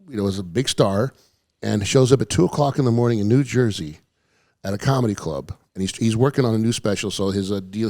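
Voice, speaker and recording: Guy co-hosting a chill talk show, talks fast, acts out quotes with lots of energy. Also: on the low side, dry recording, studio quality. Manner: animated storyteller, acts out quotes. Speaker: podcast host. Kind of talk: casual storytelling chat.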